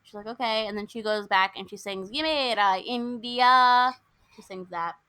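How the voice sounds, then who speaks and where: A woman's voice: mid-range voice, steady tone, brisk, bright, forceful tone. A young woman co-hosting a podcast, casually retelling a film's plot and acting out the characters' lines. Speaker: podcast co-host. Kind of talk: casual chat recapping a film.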